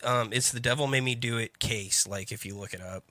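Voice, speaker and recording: Bright-voiced rambling guy. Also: mid-range voice, fairly quick, no echo. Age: 30s. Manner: rambling, repeats words, swears. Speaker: podcast co-host. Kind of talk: casual chat.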